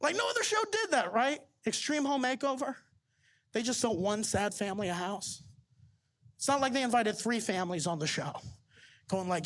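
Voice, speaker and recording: High-voiced sardonic male comic. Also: animated, moderate pace, a bit bright, a little hiss or hum. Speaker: comedian and interviewer. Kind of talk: stand-up bit, then casual interview questions.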